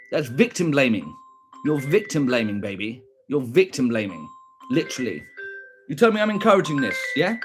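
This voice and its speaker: A young British man with a combative, profane manner, ranting back at viewers on a stream and repeating his points. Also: fairly high pitch.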